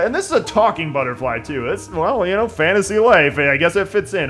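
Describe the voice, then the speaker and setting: A man's voice: high-pitched, sing-song, fairly quick, few pauses, fairly bright tone, faint music behind. A young man giving casual let's-play commentary, full of jokey, sarcastic asides.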